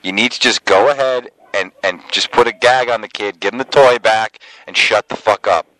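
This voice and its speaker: A man's voice: on the low side, moderate pace, fairly bright tone, no echo, close to an everyday voice. A man playing a bossy, impatient hotel front desk clerk on a prank phone call.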